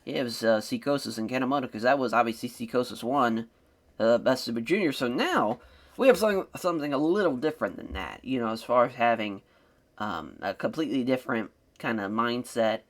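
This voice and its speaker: A man hosting a wrestling-sim let's-play channel, giving casual, rambling commentary on his game. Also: brisk. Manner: rambling and conversational, with lively swings in pitch.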